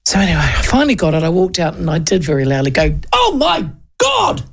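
A middle-aged New Zealand woman hosting a radio show, telling a story in a chatty, animated way with frequent laughs. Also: deep voice, very fast. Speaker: radio host. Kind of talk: casual storytelling chat.

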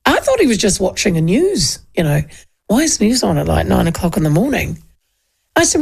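This is a woman, hosting radio in a casual, rambling way. Her pitch moves all over the place, and a bit of gravel runs through her voice. She keeps cutting herself off mid-thought to start again. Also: brisk. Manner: chatty, self-interrupting, animated storytelling. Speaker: radio host.

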